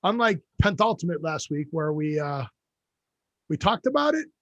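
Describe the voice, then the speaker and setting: A man hosts a casual online chat show, joking around and needling his co-host. His voice sits high for a man. The sound is dry and close, as on a video call. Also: sing-song, normal speed, fairly bright tone, no room sound, lo-fi sound. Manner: joking, teasing, playful. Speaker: podcast host.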